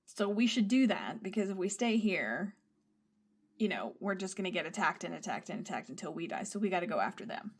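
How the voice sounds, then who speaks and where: A woman's voice: fairly low pitch, lively intonation, brisk, slightly rough. A woman co-hosting a podcast, retelling a film's plot in loose, chatty, profane conversation. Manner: profane, chatty, digressive storytelling. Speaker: podcast co-host. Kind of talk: casual chat retelling a film.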